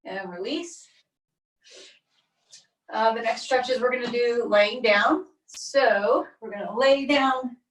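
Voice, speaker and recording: A woman leading a guided stretching class, calmly cueing each step while she does the moves herself, recorded on a laptop mic across a room. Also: fairly high pitch, takes it slowly, pauses often. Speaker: stretching instructor. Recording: echoey room, distant mic, faint music.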